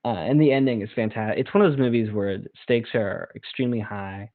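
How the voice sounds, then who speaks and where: Young guy rambling excitedly about films, lowish voice, tinny phone-ish sound, real dry. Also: brisk, no echo. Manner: rambling, enthusiastic, acts out movie scenes. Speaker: podcast co-host. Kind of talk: casual chat.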